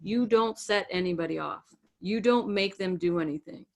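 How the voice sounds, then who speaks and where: A woman's voice: medium pitch, moderate pace, a little mellow. A woman co-hosting a podcast, giving firm, direct advice in casual chat and acting out example lines. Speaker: podcast co-host, relationship coach.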